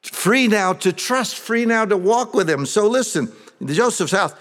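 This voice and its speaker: A man's voice: high voice, lively intonation, measured pace, fairly bright tone, in a large hall. A man preaching a sermon, reading Bible verses aloud and then explaining them in plain, everyday words. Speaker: pastor.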